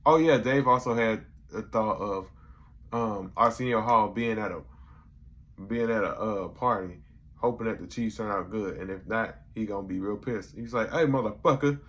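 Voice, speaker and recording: A young man with a slightly low, bright, forceful voice reviews a comedy episode in loose, casual slang. He retells the scenes and acts out the quotes as he goes. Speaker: YouTube reviewer.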